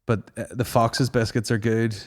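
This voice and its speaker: A man hosting a podcast, swearing through animated, casual banter. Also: medium pitch, normal speed. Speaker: podcast host. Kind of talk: casual chat.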